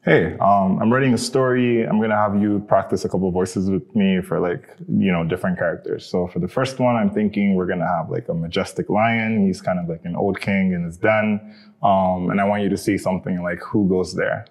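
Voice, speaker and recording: A man casually directing an AI through character voices, hesitant and relaxed, with many fillers. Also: low voice, quick pace. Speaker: user directing an AI voice. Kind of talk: casual spoken prompting.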